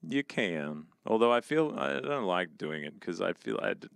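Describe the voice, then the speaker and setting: A man's voice: low-pitched, big pitch swings, moderate pace, gravelly, fairly bright tone, smooth, dry recording. A male esports caster chatting casually with his co-host in a dry, playful way. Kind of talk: casual chat between casters.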